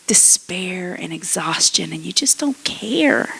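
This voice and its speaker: Woman, pastor, conversational sermon, unhurried pace, voices characters in her telling. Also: medium pitch, gravelly, a little hiss or hum.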